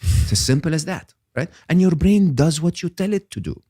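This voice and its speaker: An older man, a guest on an interview podcast, explaining ideas in an animated, emphatic way and often checking in with "okay?". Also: a little high, brisk, no echo, clean studio sound.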